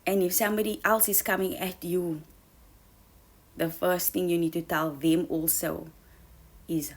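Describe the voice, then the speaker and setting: A woman's voice: on the low side, steady tone, measured pace, pauses often. Earnest woman coaching listeners. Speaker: self-help speaker. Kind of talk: motivational monologue.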